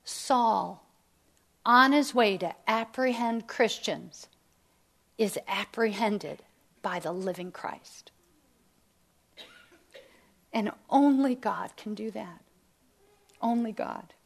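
A woman's voice: on the high side, gravelly. A woman teaching a Bible study to women, emphatic and sometimes dropping to a near whisper. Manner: slow, emphatic, drops to near whisper at key lines.

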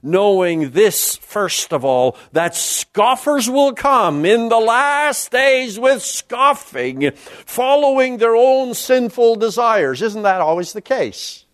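A man delivers a sermon in a high voice at an unhurried pace. He reads scripture aloud and comments on it, his pitch swinging widely from high exclamations to low, quiet endings. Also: very animated. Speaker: preacher.

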